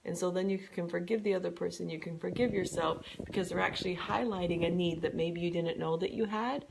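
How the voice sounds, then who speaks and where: A woman's voice: lowish voice, brisk, gravelly, background noise. A woman co-hosting a podcast, giving earnest relationship advice in a conversational way. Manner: earnest, animated when acting out quoted speech. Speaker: podcast co-host.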